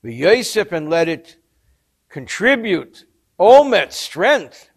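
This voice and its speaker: A man with a high voice leads a study lesson on a religious text. He tells his story with expression and explains each Hebrew term in English as he goes. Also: very animated, slow pace, husky. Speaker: Torah teacher.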